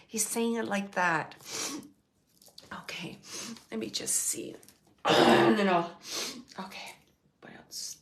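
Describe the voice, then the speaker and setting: A woman's voice: mid-range voice, slow, vocal fry, long pauses, a bit bright. A middle-aged woman working as a psychic medium, giving an emotional live reading to an audience and relaying messages with emphasis. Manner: emotional, tearful at times, relaying quotes with emphasis.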